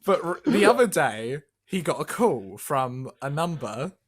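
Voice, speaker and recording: A man's voice: fairly high pitch, big pitch swings, measured pace. A young man co-hosting a casual podcast, chatty and laughing often as he steers the conversation. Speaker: podcast co-host. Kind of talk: casual chat.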